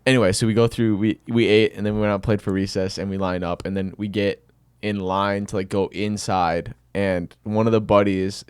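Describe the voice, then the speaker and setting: A young man hosting a podcast, telling stories in a casual, animated way. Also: lowish voice, fairly quick, hardly any pauses, clean tone, dry recording. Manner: animated storyteller, acts out quotes loudly. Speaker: podcast host. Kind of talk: casual chat.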